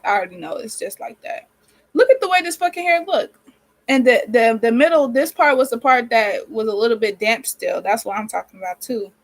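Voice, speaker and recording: A woman's voice: on the high side, poor audio. A nineteen-year-old woman vlogging casually while she does her hair, venting and rambling with a lot of swearing, her nose irritated and sniffly. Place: small cold bedroom with a space heater running.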